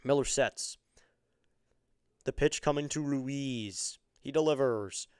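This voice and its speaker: A man giving excitable live fan play-by-play of a baseball game on his stream, chatting with viewers between pitches. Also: slow pace, smooth, no room sound, studio quality. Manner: chatty, excitable on big plays.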